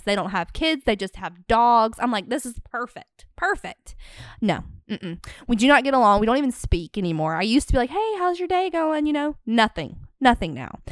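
A woman co-hosting a podcast in casual chat, candid and animated, acting out her own reactions as she tells stories. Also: on the high side, clear, resonant tone, no echo, studio quality. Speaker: podcast co-host. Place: podcast studio.

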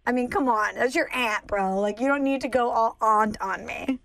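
A woman co-hosting a podcast, chatting casually and teasing her co-host in an animated way. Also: on the high side, normal speed, rough recording. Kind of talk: casual chat. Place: Saint Louis.

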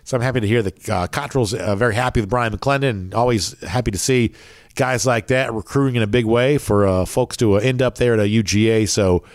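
Fast-talking nasal sports host. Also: male voice, fairly low pitch, no room sound, clean studio sound. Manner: rambling with many fillers. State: nasal, throat worn from allergies. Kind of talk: casual podcast commentary.

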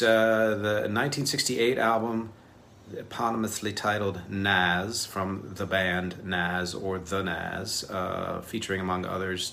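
Guy with a low gravelly voice rambling about music on his podcast, lots of ums, faint hiss behind. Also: fairly bright tone. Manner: rambling, self-deprecating, filler-heavy. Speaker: podcast host. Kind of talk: casual video podcast talk.

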